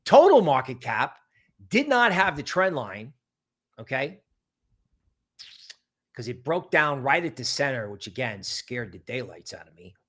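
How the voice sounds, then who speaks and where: A man hosting a casual crypto market stream, talking in an animated, rambling way full of asides. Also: medium pitch, a little slow, pauses often. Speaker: crypto market show host.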